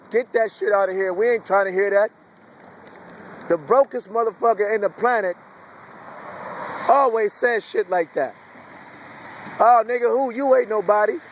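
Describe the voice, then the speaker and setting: A man from the United States delivering a wandering, preachy, profane monologue. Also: high-pitched. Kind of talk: rambling monologue.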